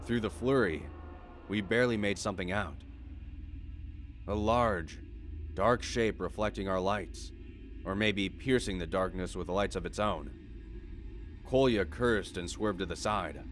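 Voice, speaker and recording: A man reading a horror story aloud as its narrator, in a measured, steady delivery. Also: low-pitched. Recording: faint background music.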